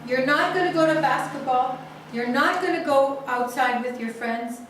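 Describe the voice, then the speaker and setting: A woman acting out a furious middle-aged father who yells threats, her voice pushed high and loud. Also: racing, a little hiss or hum, lightly acted. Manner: yelling threats. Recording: echoey room, far from mic.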